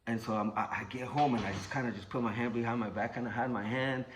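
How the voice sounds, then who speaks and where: A young man casually telling a personal story, animated and profane, acting out what people said. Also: medium pitch, fast talker, noisy background. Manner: animated, profane, acts out quotes.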